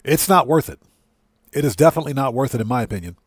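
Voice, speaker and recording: A man's voice: mid-range voice, animated, fast, breathy edge, dry recording, studio quality. A man hosting a livestream, ranting indignantly and greeting chatters by name. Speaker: livestream host.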